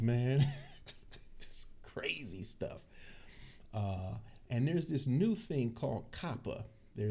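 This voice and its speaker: Laid-back man with a deep, dark voice. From Cleveland, Ohio. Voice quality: deep bassy voice. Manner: laid-back, chatty, laughs often. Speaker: tech channel host. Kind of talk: casual livestream chat. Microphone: desk microphone.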